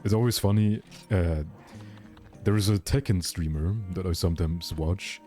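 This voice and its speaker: A man's voice: low-pitched, normal speed, warm tone, soft background music. A man from Germany with a light German accent, rambling candidly in casual chat as a streamer.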